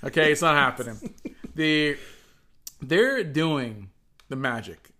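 A man co-hosting a casual sports podcast. He teases his partner and walks through the numbers, his voice a little high and bright, with a forceful edge. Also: big pitch swings, slow. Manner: teasing, analytical banter. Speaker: podcast co-host.

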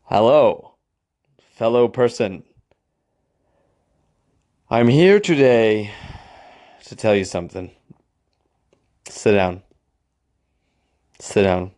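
A man's voice: fairly low pitch, animated, very slow, pauses often, darkish tone. A man voicing a rejection letter as an awkward, rambling young man, overly casual and fumbling. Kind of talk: comedic impression.

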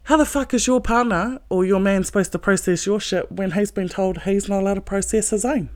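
A woman host giving a blunt, profane, forceful monologue about relationships. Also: mid-range voice, fairly quick, no room sound, studio quality.

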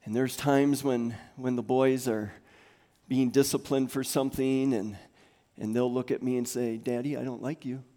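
A man in his thirties preaching a sermon in a church, swinging from soft near-whispers to loud, rising calls. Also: medium pitch, steady tone, measured pace. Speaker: pastor. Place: church sanctuary.

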